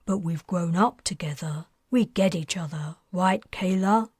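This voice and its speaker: A woman's voice: fairly low pitch, measured pace, a little mellow, slightly rough, no echo, studio quality. A woman reading an earnest, defensive teenage boy who explains his plans at length, in a storybook.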